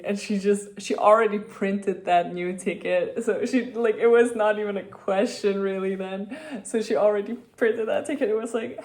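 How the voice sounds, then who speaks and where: A woman vlogging in a casual, chatty way, telling a story with lots of fillers and animated retellings of conversations. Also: medium pitch, moderate pace. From Austria.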